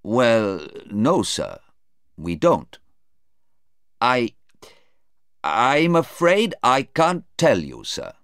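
Reading a storybook aloud, a man voices a hesitant, deferential male airport policeman answering in court, pitching his voice above his natural one and acting it heavily. The medium-pitched delivery is very slow, with long pauses and huge pitch swings, and the tone is clear, resonant, and a bit bright. The recording is dry, with clean studio sound.

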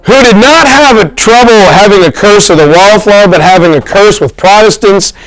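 A man's voice: high voice, normal speed, fairly bright tone, dry recording, poor audio. A man teaching a history class in a casual lecture, joking and teasing his students.

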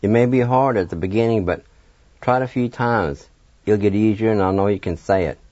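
A man's voice: lowish voice, a little fast, a little mellow, no room sound. A man teaching a radio language lesson, patiently spelling words letter by letter and encouraging learners. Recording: dull, dry lo-fi radio sound.

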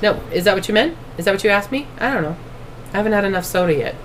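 A woman's voice: mid-range voice, lively intonation, racing, background noise. A middle-aged mother co-hosting a casual family podcast, chatty and rambling with frequent laughter.

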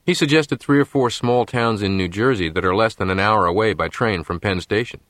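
A man's voice: on the low side, brisk, a bit bright, no room sound, natural voice. A man voicing an earnest young male law graduate with a light wry edge.

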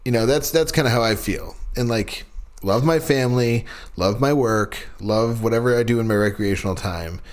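A man co-hosting a podcast in casual chat, talking in a profane, rambling, animated way. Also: mid-range voice, moderate pace. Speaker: podcast co-host.

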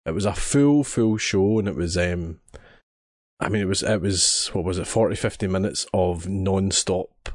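Low-voiced man in casual podcast chat. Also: normal speed, dry recording, studio quality. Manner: enthusiastic, repeats words while thinking. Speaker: podcast co-host.

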